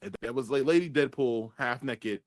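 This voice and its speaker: A man's voice: medium pitch, moderate pace, no echo. A man reviewing a movie in casual chat, rambling and swearing as he retells scenes. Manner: rambling, profane, acts out characters' lines.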